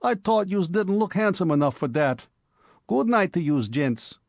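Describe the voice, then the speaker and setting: A man's voice: medium pitch, very animated, takes it slowly, husky, no room sound, studio quality, full character voice. A man voicing a ragged, cocky young male street tough in a storybook reading. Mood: cheeky. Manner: cocky, slangy.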